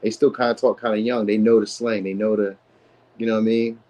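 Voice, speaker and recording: A man's voice: fairly low pitch, flat delivery, fairly quick, warm tone, low-quality recording. A man who is a father, giving a casual live tarot reading in a slangy, rambling way. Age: adult, a father. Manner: slangy, rambling, lots of "you know what I mean". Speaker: tarot reader streamer.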